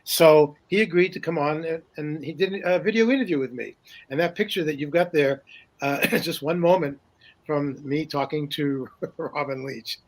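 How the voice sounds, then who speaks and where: An older man tells long stories as an interview guest, with a slightly raised pitch. He rambles through fillers and restarts and chuckles often as he goes. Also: normal speed. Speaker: guest, paranormal journalist. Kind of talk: casual interview storytelling.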